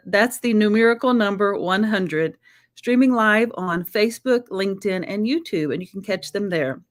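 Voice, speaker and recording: A woman hosting a live-streamed chat show, talking in an effusive, heartfelt way that is emotional and close to tears. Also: mid-range voice. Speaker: host.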